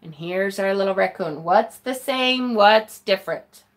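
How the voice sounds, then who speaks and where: A woman's voice: mid-range voice, unhurried. A woman hosting a casual tarot live stream, answering viewer comments in a blunt, profane way, often laughing and sighing. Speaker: tarot channel host.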